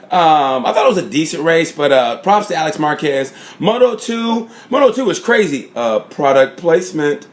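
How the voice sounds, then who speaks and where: A man giving a casual, rambling recap of motorcycle races, full of fillers and shout-outs. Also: fairly high pitch, very animated, normal speed, few pauses. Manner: rambling, lots of fillers and "props". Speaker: motorsport fan reviewer. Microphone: phone or camera mic.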